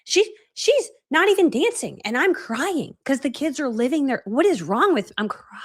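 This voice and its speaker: A woman's voice: high-pitched, very animated, moderate pace. A woman in her forties presenting a motivational training talk as an online course coach, chatty and self-deprecating, acting out her own past reactions. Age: 40s. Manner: self-deprecating, chatty, many fillers like "right?".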